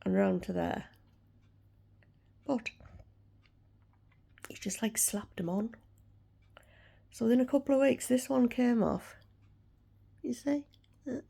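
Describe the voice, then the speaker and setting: A gravelly, mellow-toned woman chats frankly into a phone camera at home. She talks to her viewers in a candid, ranting way, her voice sitting slightly high with plenty of fry. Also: slow, long pauses. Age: 60s. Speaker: vlogger. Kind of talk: casual chat to camera.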